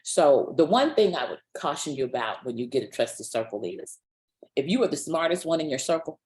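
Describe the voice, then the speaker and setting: A woman's voice: low voice, lively intonation, a little fast, a little mellow. A woman giving a motivational webinar talk as a business owner, restarting words and checking in with listeners with a repeated "okay?". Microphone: webinar call mic.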